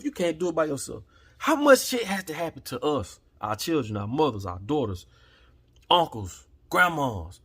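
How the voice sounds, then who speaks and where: Husky man ranting, heated and profane. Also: mid-range voice. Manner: heated, profane, preachy, swings from quiet to shouting. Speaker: channel host. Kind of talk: impassioned rant to camera.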